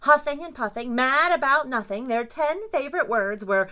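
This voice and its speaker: A woman librarian reading a picture book aloud to children with expressive, dramatic storytelling. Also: sits high, moderate pace, few pauses.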